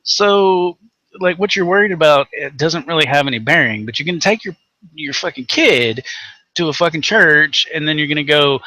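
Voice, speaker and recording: A man's voice: a little high, animated, normal speed, bright, forceful tone, no room sound. A man from Tennessee with a Southern accent, co-hosting a rant show and delivering angry, sarcastic, profanity-heavy commentary. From Tennessee, USA. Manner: angry, sarcastic, heavy swearing, mocking voices.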